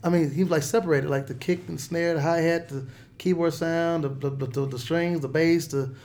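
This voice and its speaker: A middle-aged man recounts an old story in a casual interview, his voice sitting a touch higher than most men's. He gets animated and stumbles over repeated words when excited. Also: moderate pace. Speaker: guest.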